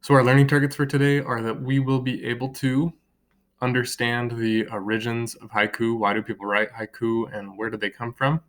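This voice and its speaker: A young man teaching a recorded lesson to children, explaining patiently and slowly drawing out words to count their beats. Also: mid-range voice, little pitch movement. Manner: slow, drawn-out word clapping and counting; friendly, patient classroom explaining.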